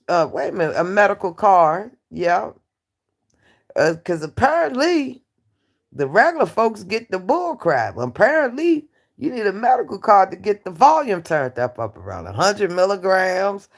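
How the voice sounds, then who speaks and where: Lady live streaming to her chat, joking around loud, laughs a bunch, then goes all low and hushed. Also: creaky. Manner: brassy and joking, laughs often, swings between loud outbursts and low asides. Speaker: livestream host. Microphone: phone or computer mic on a livestream.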